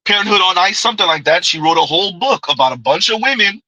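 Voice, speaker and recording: Bright, sarcastic commentary man. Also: high-pitched, expressive, fairly quick, hardly any pauses, no echo, poor audio. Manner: sarcastic, talks back to himself. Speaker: commentary host. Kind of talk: reaction commentary.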